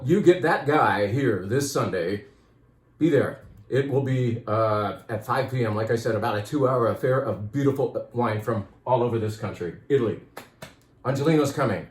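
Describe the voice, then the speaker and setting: Casting: male wine shop owner, chatty and rambling, slightly winded, mid-pitched, roomy echo. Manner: chatty, enthusiastic, rambling with restarts. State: out of breath, dry throat. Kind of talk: casual promotional talk.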